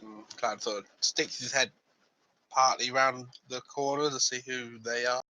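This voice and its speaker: A man's voice: medium pitch, fairly even intonation, unhurried, bright, forceful tone, no echo, rough recording. A man playing a tabletop game, speaking hesitantly with many fillers. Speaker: player. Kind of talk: casual tabletop play.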